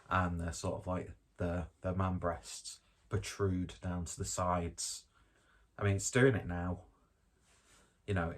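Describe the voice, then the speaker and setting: Low husky man chatting. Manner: rambling, jokey, self-deprecating, swears casually. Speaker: beer reviewer. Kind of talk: casual tasting chat.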